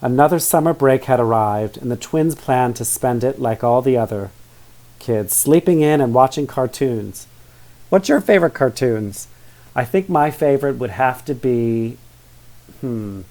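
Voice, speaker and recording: A man's voice: medium pitch, animated, unhurried, a little mellow. A man reading a children's story aloud, adding chatty asides and questions to young listeners. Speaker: storybook reader.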